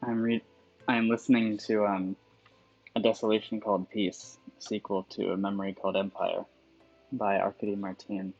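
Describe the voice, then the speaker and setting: A man with a somewhat low, husky voice talks casually through a calligraphy livestream, musing and drifting from one thought to the next. The sound is dull and lo-fi, with soft music playing underneath. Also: little pitch movement, moderate pace. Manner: musing, digressive thinking aloud. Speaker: calligrapher streaming his work. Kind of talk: casual livestream chat while working.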